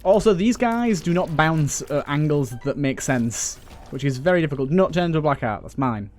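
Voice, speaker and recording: A man's voice: on the high side, animated, a little fast, darkish tone. Joking young man grumbling at a game. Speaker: let's play gamer. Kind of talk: casual gameplay commentary.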